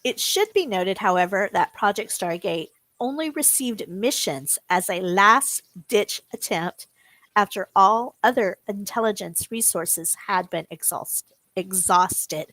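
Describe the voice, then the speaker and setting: A woman's voice: medium pitch, animated, a little slow, fairly bright tone, no room sound, poor audio. A woman co-hosting a podcast, reading prepared notes with small stumbles and self-corrections. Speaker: podcast co-host.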